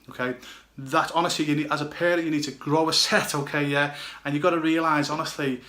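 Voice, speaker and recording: A man's voice: on the high side, fairly even intonation, fairly quick, bright, forceful tone, reverberant. A blunt, emphatic man with a British accent, a goalkeeper coach giving direct advice and often checking "okay, yeah?". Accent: British English.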